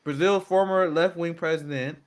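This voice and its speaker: A man's voice: on the high side, steady tone, moderate pace. A man hosting a casual livestream, loose and chatty with lots of fillers. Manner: loose, chatty, self-deprecating, many fillers. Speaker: host.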